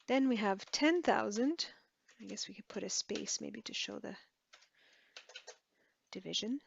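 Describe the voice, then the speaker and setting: A woman's voice: mid-range voice, measured pace, creaky, pauses often, slightly rough, dry recording, lo-fi sound. A woman teaching a language lesson, patiently repeating words and correcting herself as she writes. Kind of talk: slow lesson, writing while explaining.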